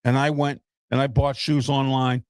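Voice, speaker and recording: A man's voice: medium pitch, level tone, moderate pace, a little mellow, clear, resonant tone, dry recording, studio quality. A middle-aged man hosting an opinion show, ranting bluntly and with exasperation straight to his viewers.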